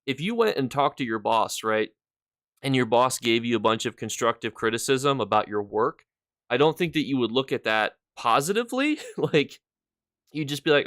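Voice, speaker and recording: A man's voice: mid-range voice, sing-song, moderate pace, fairly bright tone, dry recording, clean studio sound. A man casually talking to his viewers on a live stream, rambling through his points and stopping to thank people in chat.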